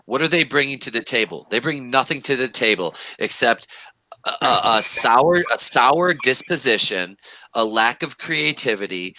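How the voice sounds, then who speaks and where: A man's voice: mid-range voice, animated, normal speed, bright, forceful tone, no echo, poor audio. A man co-hosting a casual podcast over a remote call, often repeating words as he searches for them. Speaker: podcast co-host. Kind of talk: casual chat. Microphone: remote call setup.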